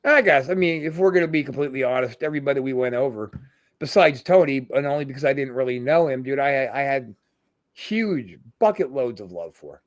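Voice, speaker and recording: This middle-aged podcast host has a mid-range voice with lively intonation and a fairly quick delivery. He tells foul-mouthed stories, acting out quoted voices, while emotion tightens his throat. The studio recording is clean, with no room sound.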